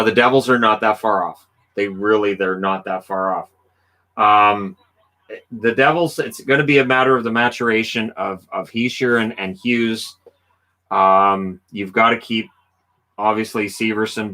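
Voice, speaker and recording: A man's voice: lowish voice, fairly even intonation, measured pace, sharp tone. A middle-aged man hosting a casual livestream, talking in an easygoing, rambling way with frequent ums while playing a hockey video game. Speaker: livestream host.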